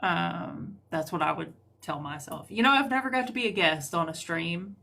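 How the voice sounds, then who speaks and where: A woman's voice: on the low side, lively intonation, normal speed, creaky, sharp tone. Chatty, rambling Southern woman host. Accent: rural Southern US. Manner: chatty, rambling, full of ums and trailing thoughts. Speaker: host of a live paranormal call-in stream. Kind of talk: casual live-stream chat.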